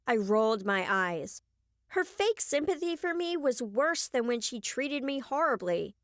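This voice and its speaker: A woman narrating a first-person young adult novel as an audiobook, clear and expressive on a close mic. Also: fairly high pitch, measured pace, no room sound.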